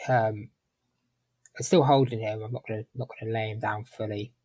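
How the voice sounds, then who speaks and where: A man playing a tabletop game who describes his character's actions in a measured way. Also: fairly low pitch, steady tone, darkish tone, no room sound, low-quality recording. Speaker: player. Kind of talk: casual tabletop game play.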